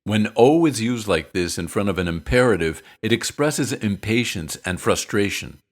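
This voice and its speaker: An American man teaching English expressions in a clear, explanatory lesson narration with joking asides. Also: lowish voice, expressive, moderate pace, hardly any pauses.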